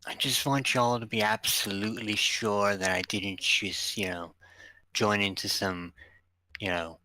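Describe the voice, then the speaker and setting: Wry man with a low, bright voice. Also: steady tone, a little slow, no echo. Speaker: player. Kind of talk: playing a tabletop game in character.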